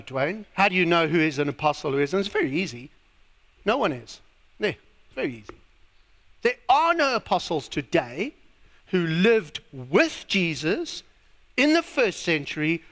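A South African man delivers a sermon from the pulpit, hammering his points home. His voice sits high and swings widely in pitch, and he takes his time with each line. The sound carries the long reverb of a large church hall. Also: fairly bright tone. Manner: emphatic preaching with drawn-out words. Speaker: pastor.

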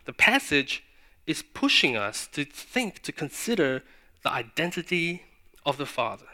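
A man delivers a sermon, earnest and questioning, leaning on pauses for emphasis. His voice sits a little high, and it has a bright, forceful edge. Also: sing-song. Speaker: preacher.

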